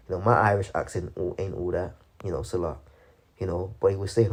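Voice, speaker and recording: A man giving casual religious commentary, halting with many restarts and filling every pause with "man" and "you know". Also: sits low, steady tone.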